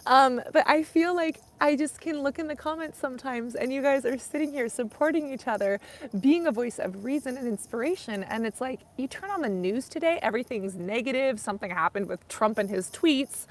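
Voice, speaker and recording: A woman's voice: sits high, fairly quick. A young woman talking casually on a live stream about skincare, rambling with lots of "like" and "you know".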